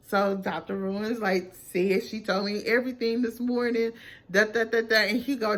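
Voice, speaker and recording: A young woman telling a personal story in a casual vlog, animated and acting out the quotes with lots of fillers. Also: mid-range voice, normal speed.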